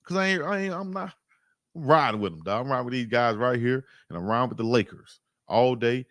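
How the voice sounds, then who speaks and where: Animated male sports livestream host. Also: medium pitch, brisk, no room sound, studio quality. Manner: animated, emphatic, repeats phrases, slangy. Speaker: live-stream sports show host. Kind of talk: casual livestream commentary.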